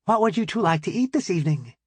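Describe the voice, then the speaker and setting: A man's voice: high-pitched, very animated, fast, darkish tone, husky, dry recording, pitched above the performer's own voice, exaggerated voice. A man doing a courteous server woman. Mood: polite. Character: polite woman serving food.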